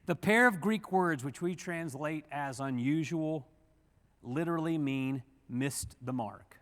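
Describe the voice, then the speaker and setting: A man with a drawl preaches in a church hall, and his voice trails off into a long, ringing reverb. He talks in a folksy, animated way, firing off rhetorical questions and dry jokes. His voice sits a little higher than most men's. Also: a little slow. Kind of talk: sermon. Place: church sanctuary.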